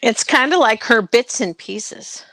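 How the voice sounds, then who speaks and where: A woman's voice: on the high side, animated, unhurried, gravelly, fairly bright tone, dry recording, poor audio. A woman chatting casually on a gaming stream, making dry, teasing remarks. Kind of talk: casual chat.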